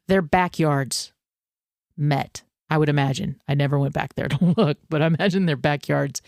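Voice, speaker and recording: A woman hosting a podcast, telling a personal story in a casual, animated, self-deprecating way and acting out her own panic. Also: low-pitched, vocal fry, no room sound, clean studio sound. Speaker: podcast host.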